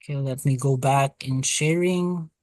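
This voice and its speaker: A woman teaching a Hebrew lesson over a video call, slowly drilling syllables and explaining pronunciation. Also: very deep voice, a little mellow, no room sound. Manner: slow, careful drilling of syllables. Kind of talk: online language lesson.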